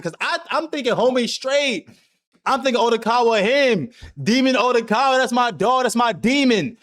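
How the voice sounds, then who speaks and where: Male stream host: high, bouncy voice, animated slangy storyteller, swears freely. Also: normal speed. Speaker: anime discussion host. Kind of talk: casual chat, recapping an anime.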